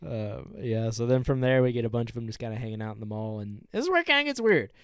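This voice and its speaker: A man's voice: mid-range voice, sing-song, quick pace, smooth, no echo, studio quality. A man co-hosting a podcast, recapping a movie scene by scene in a laid-back, casual way. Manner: laid-back recap, plot-walking with "from there". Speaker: podcast co-host. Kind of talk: casual film discussion.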